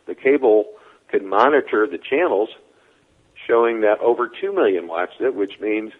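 An interview guest speaks in a low, husky voice, calling in over a thin, tinny phone line. He tells his stories in a measured, deliberate way. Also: lively intonation. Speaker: guest, former wrestling figure. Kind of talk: interview storytelling.

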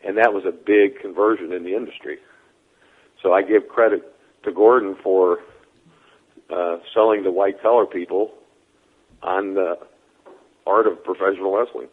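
Low, husky man on a phone line. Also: steady tone. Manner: measured, deliberate storyteller. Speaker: guest, former wrestling figure. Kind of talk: interview storytelling. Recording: tinny phone-line call-in.

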